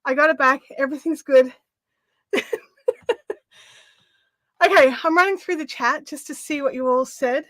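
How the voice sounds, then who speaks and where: Breathless, giggly Australian woman, high voice. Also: normal speed, pauses often, fairly bright tone, no room sound. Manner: chatty, giggly, easily amused. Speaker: craft livestream host. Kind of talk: casual live craft chat.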